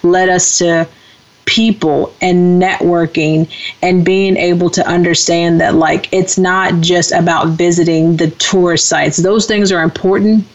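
Animated woman telling a travel story, lo-fi. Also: fairly low pitch, unhurried. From United States. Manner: animated, acts out quoted voices. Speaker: co-host. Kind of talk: casual storytelling. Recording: dull lo-fi radio-show audio.

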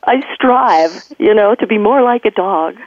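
A woman guest who is a veterinarian and author, telling stories in a lively conversational way, laughing often and acting out what others said. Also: mid-range voice, unhurried, no room sound. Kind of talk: animated conversational storytelling. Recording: tinny phone line, dry.

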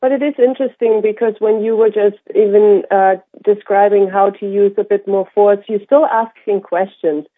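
Flat-toned woman on a tinny line. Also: mid-range voice, normal speed, few pauses. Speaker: co-host who works with animals. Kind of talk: conversational talk.

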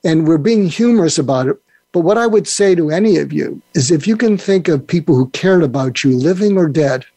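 A man's voice: on the high side, animated, brisk, dark tone, dry recording. An older man speaking as a guest on a podcast interview, rambling and restarting his sentences often. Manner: rambling, with many restarts and fillers. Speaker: guest expert.

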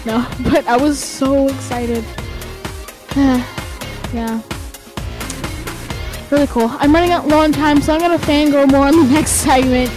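A young woman hosting a talk show, chatting excitedly and rambling with lots of fillers. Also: sits high, a little slow, long pauses, over music. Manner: gushing, rambling with many fillers. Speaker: host. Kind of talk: excited casual chat.

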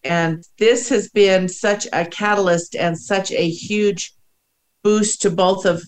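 Speaking slowly in a steady, medium-pitched voice, this middle-aged podcast co-host chats informally about spiritual topics. She is tearful and emotional, often breaking into laughter and beginning her sentences over again.

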